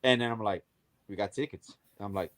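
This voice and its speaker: A man's voice: on the low side, fairly quick. A middle-aged man co-hosting a podcast, retelling his side of a story in casual chat with plenty of swearing. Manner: laughs along, animated retelling with swearing. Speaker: podcast co-host.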